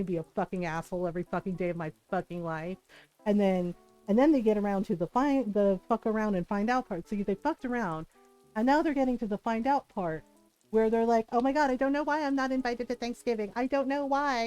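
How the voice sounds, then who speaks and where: High voiced lady streamer swearing up a storm, faint music behind her. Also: darkish tone, rough recording. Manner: blunt, profane venting. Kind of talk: casual livestream chat.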